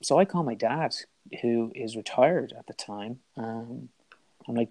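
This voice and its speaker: Irish male guest, candid storyteller, stumbling restarts, mid pitch. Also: a little mellow. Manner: candid, halting, with frequent restarts and quoted dialogue. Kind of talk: personal storytelling in an interview.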